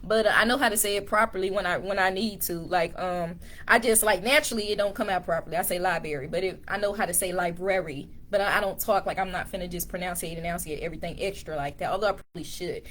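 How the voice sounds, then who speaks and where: A woman's voice: mid-range voice, quick pace, fairly bright tone, slight background noise. A woman from Dallas with a Texas accent, chatting laid-back in a casual vlog, recorded on a phone camera in a dim room at home. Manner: laid-back, chatty, addresses viewers as y'all. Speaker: vlogger. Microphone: phone camera on a tripod.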